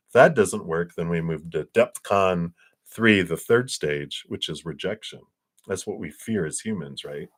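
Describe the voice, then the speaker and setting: A man giving a casual spiritual talk on a livestream, animated and acting out quotes between chuckles. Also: low voice, measured pace. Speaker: spiritual reader.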